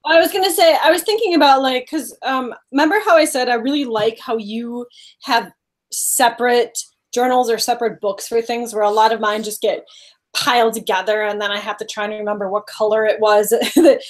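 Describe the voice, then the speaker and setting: A high-pitched woman chats on a live stream, easy and talkative. She tends to trail off when she loses her thread, and she comes through a video call. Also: steady tone, fairly quick. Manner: chatty, trailing off with "I don't know". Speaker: co-host of a live spiritual stream. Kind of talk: casual live-stream chat.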